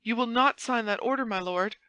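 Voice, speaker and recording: A woman's voice: a little high, fairly quick, sharp tone, clean tone, no echo, voice pushed up. A woman voicing a fervent young male officer who pleads insistently and grows impassioned. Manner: impassioned, insistent, rising intensity.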